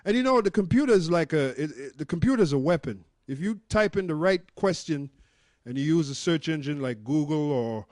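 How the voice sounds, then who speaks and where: A man's voice: a little high, expressive, brisk, a little mellow, no echo, clean studio sound. A man earnestly reading from an article and explaining it to a group, with frequent fillers. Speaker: member of a religious group presenting research.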